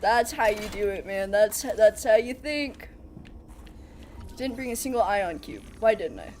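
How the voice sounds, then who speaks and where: Chatting with viewers and reacting to the game, a young streamer offers live commentary on a survival title, laughing a lot and occasionally crying out in alarm. Her medium-pitched voice is animated, slightly mellow and measured, with a bit of background noise.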